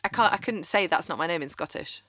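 A woman co-hosting a comedy podcast, chatting casually with quick asides and frequent laughs. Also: fairly low pitch, background noise. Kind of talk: casual banter.

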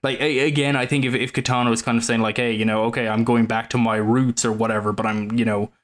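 A man's voice: medium pitch, flat delivery, fast. A man co-hosting a film podcast, talking in a thoughtful, rambling way with many fillers. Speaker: podcast co-host. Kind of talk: casual film discussion.

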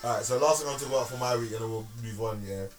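A man co-hosting a podcast, telling stories in slangy, animated casual chat with lots of restarts. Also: medium pitch, very fast, distant mic, faint music behind. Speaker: podcast co-host.

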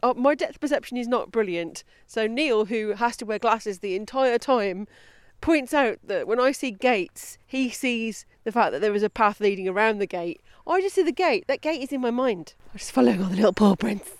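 Woman podcast host, higher pitch, giggly, casual, close dry sound, outdoor walk. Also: lively intonation, normal speed, hardly any pauses, no echo. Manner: giggly, chatty, breaks off with asides. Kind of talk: casual outdoor chat and reading aloud. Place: outdoors on a woodland path.

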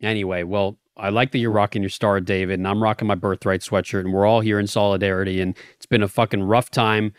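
A man's voice: on the low side, flat delivery, fast talker, few pauses, clear, resonant tone, no room sound, clean studio sound. A man co-hosting a podcast, teasing his partner in profane, mock-serious banter. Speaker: podcast co-host.

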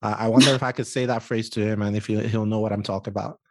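A man's voice: lowish voice, steady tone, quick pace, no room sound, clean studio sound. A man hosting a podcast interview, upbeat and teasing, with a casual manner. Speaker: podcast host.

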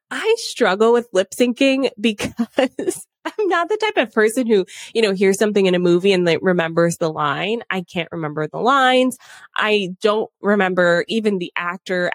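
A woman's voice: medium pitch, dry recording, studio quality. Chatty upbeat woman podcast host. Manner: chatty and upbeat, with frequent "like" and asides. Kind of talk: casual podcast monologue.

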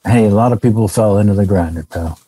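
A man's voice: lowish voice, quick pace, dark tone, breathy edge, no room sound. A man playing a smarmy, dismissive game-show host in an improv comedy scene. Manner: brushing people off, breezy.

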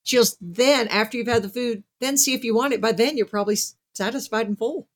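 A woman hosting a podcast interview, chatting casually and retelling what she has read with lively asides. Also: a little high, quick pace. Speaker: podcast host.

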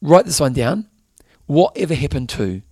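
Lively gravelly New man. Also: a little high, moderate pace, no echo, clean studio sound. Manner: animated, rambling, laughs often. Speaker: podcast co-host. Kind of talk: casual chat.

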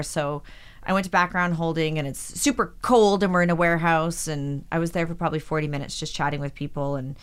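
A woman in her forties with a low voice tells stories from her acting career in a relaxed interview. She jumps into quoted voices as she goes and keeps the telling lively. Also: fairly quick, clean tone. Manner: animated anecdotes, acts out quoted voices. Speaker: actress, podcast guest. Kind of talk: casual storytelling interview.

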